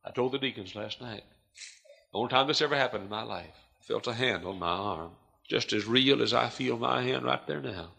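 Gravelly preacher, hushed to shouting. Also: male voice, mid-range voice, a little fast. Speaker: pastor. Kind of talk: sermon.

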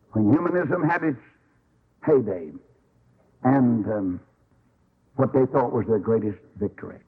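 A man preaching a sermon, telling stories in an animated, folksy way and acting out the quotes. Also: mid-range voice, slightly rough, narrow, tinny audio.

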